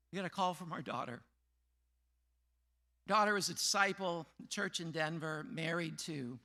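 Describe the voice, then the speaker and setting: Delivering a sermon, a middle-aged preacher recounts a personal story, performing the quoted voices of its characters. When the story turns sad, his voice sinks low and quiet.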